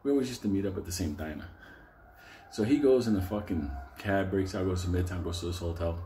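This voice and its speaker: A man's voice: deep voice, quick pace, dark tone, slight background noise. Profane laughing male storyteller. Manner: profane, chuckling through his story. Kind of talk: comic storytelling.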